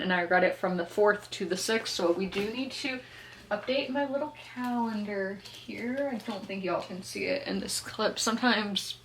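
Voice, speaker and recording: Young gal doing a chatty book review vlog, mid-pitched voice, laughs a lot, keeps fixing what she just said. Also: fairly bright tone. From South Carolina, US. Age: 20s. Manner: chatty, laughs often, corrects herself mid-sentence. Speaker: book vlogger. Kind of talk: casual book review chat.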